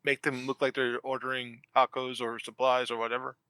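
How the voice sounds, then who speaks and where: A man's voice: mid-range voice, flat delivery, a little fast, sharp tone, clear, resonant tone, no echo. A man playing a tabletop game, asking hesitant, curious questions. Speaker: player.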